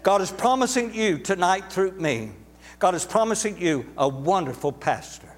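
A man's voice: sits high, lively intonation, normal speed, in a large hall. A man preaching a sermon to a congregation, emphatic and repetitive, drawing words out for stress. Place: church sanctuary.

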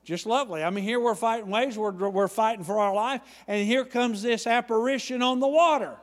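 A man preaching a sermon, acting out Bible dialogue with lively emphasis. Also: very high voice, brisk, long reverb tail. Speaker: pastor.

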